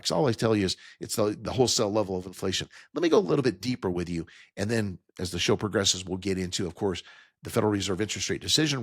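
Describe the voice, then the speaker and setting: A man hosting financial talk radio, speaking in a somewhat low voice into a studio microphone. He leans on key figures with emphasis and explains them plainly for his listeners. The sound is close and dry. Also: dry recording. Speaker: radio talk show host.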